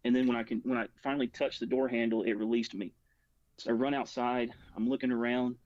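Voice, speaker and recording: A man's voice: mid-range voice, level tone, fairly quick, darkish tone, lo-fi sound, a little hiss or hum. A man talking as a guest, telling a personal story in a rambling way, full of "like" and restarts. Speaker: guest recounting a personal experience. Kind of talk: casual spoken storytelling.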